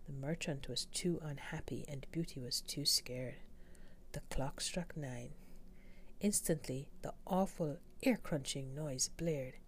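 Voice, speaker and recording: A woman reading a fairy tale aloud in a soft, slow whisper. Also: deep voice, slight background noise. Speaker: storyteller. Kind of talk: whispered storytelling.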